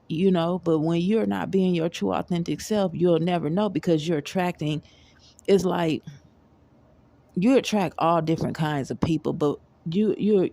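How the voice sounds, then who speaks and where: A woman's voice: on the low side, creaky, dark tone. A woman vlogger giving a casual motivational monologue in a rambling, repetitive, emphatic way.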